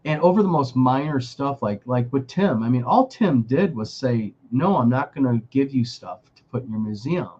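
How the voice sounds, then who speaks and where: A man's voice: mid-range voice, expressive, normal speed, hardly any pauses, dark tone, slightly rough, muffled recording. A man co-hosting a casual chat show, talking emphatically with many restarts. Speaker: podcast co-host.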